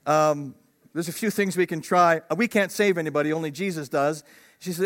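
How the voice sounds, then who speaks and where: A man pastoring his congregation, his voice sitting a little high for a man. He preaches in an easy, conversational way. Now and then he rises into emphatic, ringing peaks. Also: a little fast, fairly bright tone. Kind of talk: sermon.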